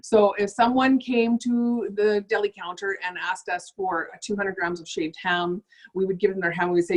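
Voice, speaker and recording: Middle-aged woman trainer, casual and upbeat, sick, jumps into playful higher voices for customers. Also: fairly even intonation, moderate pace. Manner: chatty, acts out customer voices with big pitch jumps. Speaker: sales trainer. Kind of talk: casual motivational talk.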